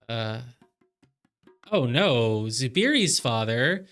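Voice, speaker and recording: Bright-voiced chatty male streamer. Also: medium pitch, animated, unhurried. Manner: chatty, puzzling aloud with many fillers. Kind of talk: live game commentary.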